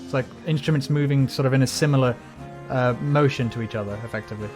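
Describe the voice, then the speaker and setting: Talking at a quick pace, a male streamer with a mid-range voice chats casually while gaming on a livestream. He explains music theory, hums tunes, and swears whenever he's frustrated.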